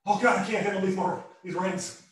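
A man's voice: sits high, fairly even intonation, brisk, slight background noise. Joking man in an echoey room. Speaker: salesperson making calls. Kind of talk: casual banter.

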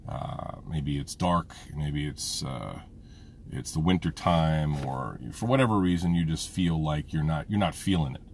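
Super deep voiced middle-aged dad rambling and cussing casually, faint car noise behind. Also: male voice, unhurried, darkish tone. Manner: rambling, frank, swears freely. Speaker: vlogger, father. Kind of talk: casual personal monologue.

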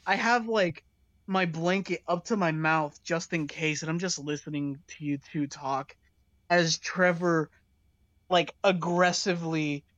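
A woman's voice: fairly low pitch, no echo. A young woman telling a funny story in casual chat, laughing often and using lots of fillers. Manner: giggly, storytelling with many fillers. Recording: dull lo-fi dry sound.

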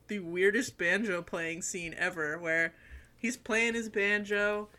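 Bright, giggly woman podcast co-host. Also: mid-range voice, fairly even intonation, slow. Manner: enthusiastic, giggly, acts out scenes. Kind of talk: casual film review chat.

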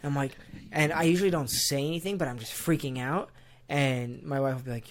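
A man's voice: medium pitch, a little fast, a little hiss or hum. A young man in casual podcast chat, rambling with lots of fillers and easy laughs. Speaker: podcast co-host.

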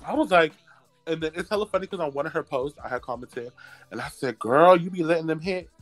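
A woman's voice: deep voice, fast talker, soft background music. A young woman co-hosting a podcast, chatting casually with crude, laughing banter. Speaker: podcast co-host. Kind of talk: casual chat.

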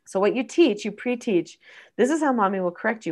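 A middle-aged woman coaching parents, speaking in an earnest, instructive way and acting out gentle prompts to a child. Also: on the high side, animated, fairly quick. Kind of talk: teaching conversation.

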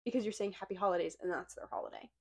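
A woman's voice: on the low side, sing-song, rapid-fire, gravelly, darkish tone, slightly rough. A young woman from Missouri co-hosting a podcast, reading out her notes in a dry, matter-of-fact way. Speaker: podcast co-host. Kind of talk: casual chat.

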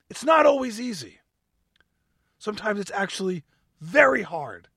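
A man's voice: sits high, sing-song, moderate pace, gravelly, long pauses, pushed and bright, slightly rough, dry recording, studio quality. A man hosting an upbeat talk show, bubbly and giggly, reading stories with a playfully over-the-top delivery. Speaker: podcast host.

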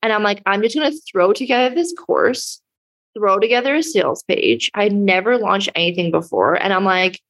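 A woman's voice: medium pitch, expressive, moderate pace, a bit bright. A young woman hosting her own podcast, talking in a bubbly, effusive, casual way with lots of "like" as a business coach.

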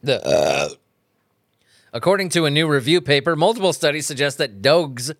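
A man's voice: on the high side, sing-song, normal speed, fairly bright tone, no echo, clean studio sound. A man hosting a casual podcast at home, talking into a microphone on a stand. He rambles, swears freely and laughs often. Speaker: podcast host.

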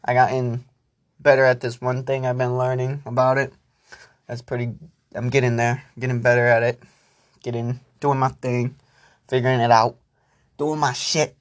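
A man's voice: medium pitch, little pitch movement, moderate pace, pauses often. A young man hosting a casual solo podcast, rambling and swearing freely as he talks to himself and his listeners. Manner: profane, rambling, self-talking. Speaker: podcast host.

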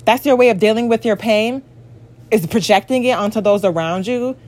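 A woman's voice: on the high side, moderate pace, a little mellow. A woman in her twenties venting bluntly and profanely in an exasperated rant about a partner. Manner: mocks others in acted quotes.

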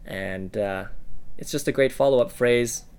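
A man co-hosting a casual podcast lesson, offering example words in a relaxed way with many "uh" and "um" fillers. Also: medium pitch, a little slow, smooth. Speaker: co-host giving examples.

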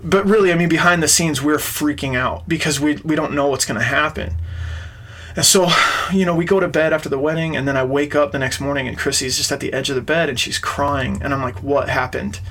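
A man's voice: a little high, steady tone, a little fast, a bit bright, slight background noise. A man, an interview guest, earnestly recounting a personal story in conversation. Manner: earnest, retells events with quoted dialogue.

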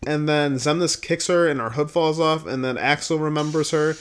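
A man giving a casual, profane recap, blunt and exasperated, swinging between low muttering and loud outbursts. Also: fairly even intonation, normal speed, clear, resonant tone. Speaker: video creator reviewing a game.

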